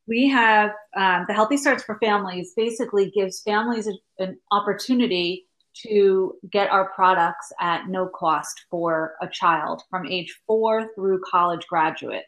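A woman's voice: medium pitch, moderate pace, a bit bright. A woman in her thirties, a guest in a casual interview chat, talking in a chatty, explanatory way with many fillers.

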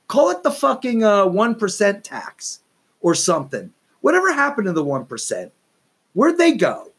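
A man's voice: sits high, slightly rough. A man hosting a solo podcast, ranting in a profane, exasperated, rambling way. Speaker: podcast host.

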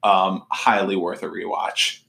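A man with a fairly low voice talks casually as a podcast co-host. He keeps the tone loose, laughs often, and drops into quick impressions of scenes he is describing. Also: little pitch movement, vocal fry, pushed and bright. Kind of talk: casual chat.

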